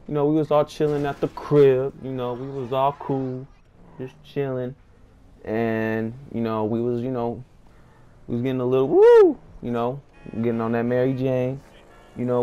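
A man's voice: medium pitch, smooth, lo-fi sound. A young man telling a comic story-time tale in a slangy, rambling voice, full of fillers and bursts of hype. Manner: hyped, acts out friends' voices in quotes. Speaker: storyteller vlogger.

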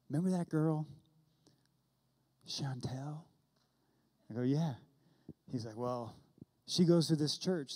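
In a church, a pastor in his thirties from California preaches a sermon in a mellow, mid-range voice. He tells a personal story and acts out the dialogue within it.

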